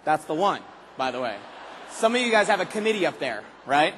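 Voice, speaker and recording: A man giving an energetic convention speech, firing punchy questions at the audience and sometimes bursting into shouts. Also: fairly high pitch, slight background noise. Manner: rapid-fire questions to the audience, punchy and emphatic. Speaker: motivational speaker at a sales convention. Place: large convention hall. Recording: long hall reverb.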